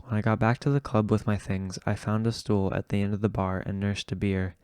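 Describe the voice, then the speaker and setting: Low, even-voiced man reading an audiobook. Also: smooth, dry recording, studio quality. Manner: slow, measured reading. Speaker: audiobook reader. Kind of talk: audiobook narration.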